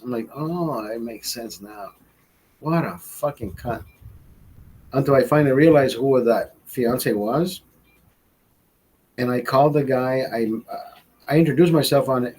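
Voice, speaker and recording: Podcast host, 40s, male, husky, profane storyteller who mimics the people in his story. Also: mid-range voice, poor audio. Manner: profane, animated, acts out quoted voices. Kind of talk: crude storytelling monologue. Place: studio.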